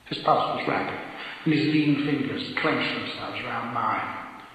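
A man's voice: mid-range voice, fairly bright tone, a little hiss or hum. Man narrating a gothic tale, echoey. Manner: measured, grave storytelling. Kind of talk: dramatic reading of a gothic tale. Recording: echoey reverberant room.

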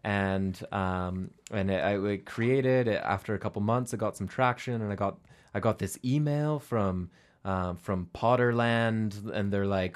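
A man's voice: on the low side, a little slow. A young man hosting a campus radio arts show, talking casually with many hesitant restarts.

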